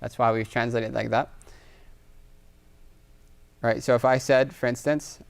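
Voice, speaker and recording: A man gives a patient grammar lecture, pausing often to ask "right?" as he works through examples. His voice has a gravelly edge yet stays smooth and clear. He sits at a middling pitch. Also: steady tone. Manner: explains patiently with frequent "right?" checks, writing examples on a board. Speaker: Arabic grammar teacher. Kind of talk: classroom lecture.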